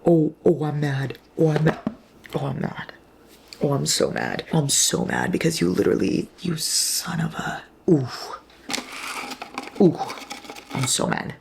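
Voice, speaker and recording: Casual book vlogger, woman, 20s: low, gravelly, rambling, sweary, drops to whispers. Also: huge pitch swings, measured pace, long pauses, background noise. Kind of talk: casual reading vlog.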